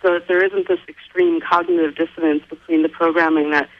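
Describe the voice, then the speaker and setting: A woman's voice: deep voice, level tone, fairly quick, phone-quality sound. A woman speaking as a guest in a radio interview, talking in an earnest, reflective way.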